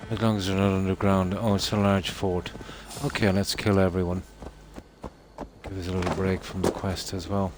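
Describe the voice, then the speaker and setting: A man's voice: sits low, flat delivery, normal speed, noisy background. A man giving casual commentary while playing a game, musing aloud and trailing off with ums. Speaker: game streamer.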